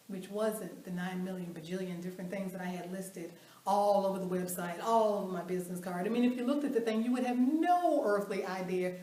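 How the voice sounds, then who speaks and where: A woman giving a storytelling motivational talk at an event, animated, acting out the voices she quotes and laughing along. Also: medium pitch. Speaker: motivational speaker. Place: event hall. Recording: roomy hall, mic at a distance.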